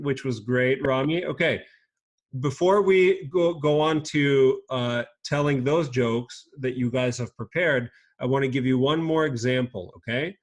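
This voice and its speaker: Male teacher on a video call, patient and encouraging with kids, mid-pitched. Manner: patient, encouraging, speaks slowly and clearly to kids. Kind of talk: teaching a children's class online.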